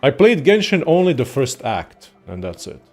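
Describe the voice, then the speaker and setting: A young man casually ranting about games in a profane, excitable, rambling way as a content creator. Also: medium pitch, moderate pace, faint music behind. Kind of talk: casual gaming rant.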